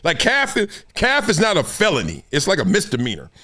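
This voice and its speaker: A man hosting a sports talk stream in a casual, slangy, animated way, laughing often. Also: high voice, a little fast. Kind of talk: casual live-stream commentary.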